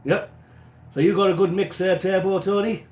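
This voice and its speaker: He speaks in a high, darkish voice with a steady tone and moderate pace, the room sounding roomy. This English livestream host from England chats with viewers while baking in a small home kitchen, occasionally coughing through a stuffy nose.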